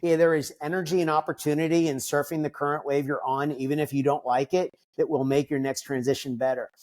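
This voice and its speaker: A man's voice: fairly high pitch, little pitch movement, fast, a little mellow. A man in his fifties, a podcast guest, talking reflectively in a casual interview, with frequent fillers and restarts. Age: 50s.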